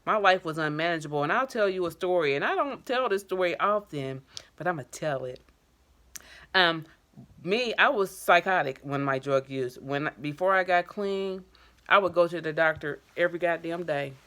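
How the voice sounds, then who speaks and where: A woman with a notably low voice talks straight to camera like a personal vlog. She is middle-aged and tells her own story candidly, with casual slang and emotion close to the surface. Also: expressive, normal speed, a bit bright. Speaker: addiction counselor.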